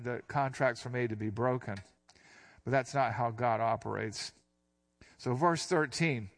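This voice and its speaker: Older guy pastor walking thru bible verses, relaxed, explains as he goes, mid-pitch voice. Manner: relaxed and explanatory, reads scripture then unpacks it. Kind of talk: conversational Bible teaching.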